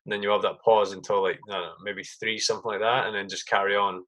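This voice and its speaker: A man's voice: fairly low pitch, flat delivery, fast talker, a bit bright, poor audio. A man from Britain hosting a podcast with an army comrade, talking in a loose, rambling way and swearing freely. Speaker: podcast host. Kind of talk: casual chat.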